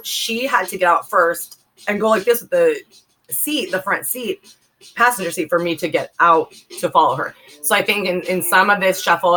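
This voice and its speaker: A woman's voice: lowish voice, bright, forceful tone, poor audio. A woman in her forties from the Bay Area, telling a personal story in a candid, rambling way full of fillers. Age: 40s. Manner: rambling, emphatic, many fillers. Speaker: vlogger telling a personal testimony.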